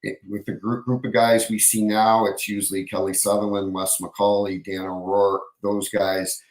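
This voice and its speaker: A man's voice: on the low side, flat delivery, moderate pace, echoey room, poor audio. A man, a former hockey referee, telling stories as a podcast guest in a rambling, casual way. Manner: rambling, self-correcting storyteller. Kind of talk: casual anecdotal storytelling.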